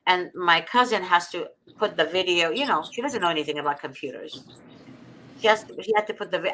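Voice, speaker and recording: Earnest woman with a bright voice. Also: fairly low pitch, a little hiss or hum, low-quality recording. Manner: earnest, heartfelt, slow and deliberate when reading. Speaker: guest. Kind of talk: personal storytelling and prayer reading.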